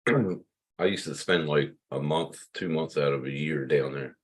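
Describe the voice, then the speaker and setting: A man's voice: very deep voice, moderate pace, breathy edge. A man in his fifties from Pennsylvania, hosting a loose livestream chat, rambling and swearing freely. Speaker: livestream host.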